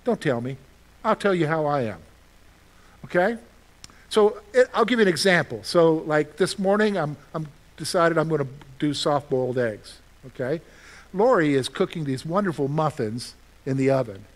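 Animated high-voiced male pastor preaching. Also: normal speed. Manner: animated, asks the congregation questions and answers them; acts out his own panicked reactions for humor. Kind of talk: sermon.

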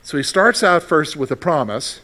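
A middle-aged pastor with a high voice delivers a sermon. He reads scripture slowly and then preaches with lively rhetorical questions.

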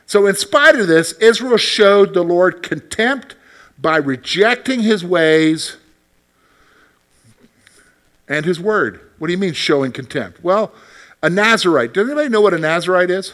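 A man leads a Bible study lesson with a slightly higher voice than most men. He talks in a conversational way and often puts questions to his class. When he voices God's words, he becomes animated. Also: normal speed. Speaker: Bible teacher.

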